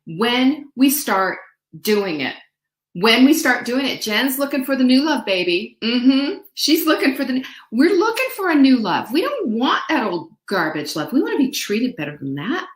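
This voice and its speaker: A woman with a fairly high, sing-song voice hosts a motivational show at a slightly slow pace, with echo from the room. Her upbeat, playful chat to viewers is sprinkled with brief songs and mimicked voices.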